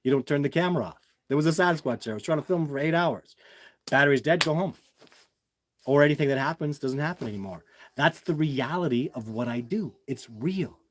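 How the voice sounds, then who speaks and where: A brisk man with a fairly high voice and lively intonation hosts a relaxed livestream. He answers questions from viewers, whom he calls "guys," in an emphatic, repetitive way.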